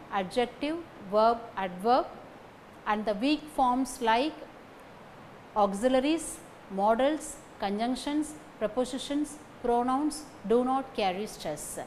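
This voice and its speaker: A woman giving a recorded lecture on phonetics, speaking deliberately, repeating example sentences and checking in with "okay" between points. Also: a little high, a little hiss or hum, rough recording.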